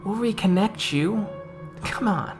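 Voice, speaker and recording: A woman voicing a smooth-talking male human trafficker guard who coaxes a prisoner with false reassurance. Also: mid-range voice, unhurried, over music, voice pushed up, lightly acted. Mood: coaxing.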